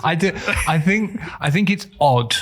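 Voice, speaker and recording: A man's voice: a little high, animated, unhurried. A man co-hosting a podcast in casual chat, thinking aloud with many fillers as he guesses. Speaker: podcast co-host.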